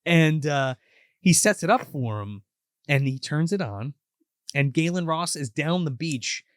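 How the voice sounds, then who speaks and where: A man co-hosting a casual movie podcast, animated and profane, acting out lines from the film. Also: fairly high pitch, unhurried, no room sound, studio quality. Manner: animated, acts out movie lines, swears freely. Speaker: podcast co-host.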